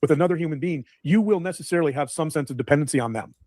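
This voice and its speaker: A man's voice: a little high, racing, darkish tone, no echo, clean studio sound. A man explaining psychology on a podcast in a lecturing way, often restarting his words.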